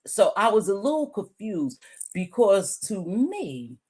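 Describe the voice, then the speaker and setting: A woman's voice: medium pitch, sing-song, slow, a little mellow, husky. A woman giving a casual commentary monologue, chatty and musing, repeating her points and chewing gum as she talks. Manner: chewing gum while talking. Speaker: YouTube commentator.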